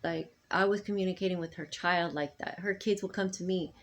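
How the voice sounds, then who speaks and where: A middle-aged woman speaking to her sons in a rambling, halting personal monologue full of ums and restarts. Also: lowish voice, steady tone. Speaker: mother addressing her sons.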